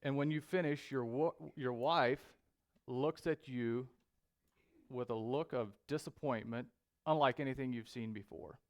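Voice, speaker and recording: A man preaching a sermon in a church, speaking deliberately with frequent pauses and fillers. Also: mid-range voice. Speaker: pastor. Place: church sanctuary.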